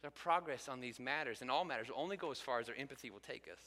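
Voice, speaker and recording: A man's voice: medium pitch, racing, pushed and bright. A man in his thirties, a pastor preaching an earnest sermon that builds to emphatic peaks. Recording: long hall reverb.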